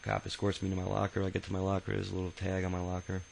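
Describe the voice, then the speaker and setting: Man, deep and gravelly, telling his memoir off the cuff: rambling, profane, full of ums and restarts. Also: completely flat delivery, rapid-fire, a little mellow, a little hiss or hum, rough recording. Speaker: autobiography narrator. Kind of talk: casual spoken memoir.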